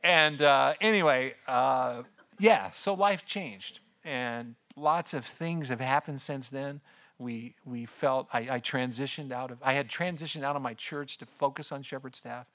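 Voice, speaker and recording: A man's voice: a little slow, fairly bright tone. An older man, a pastor and missions speaker, giving a conversational personal testimony and laughing often as he tells it. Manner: conversational storytelling, laughs often, voice drops low in heavy moments.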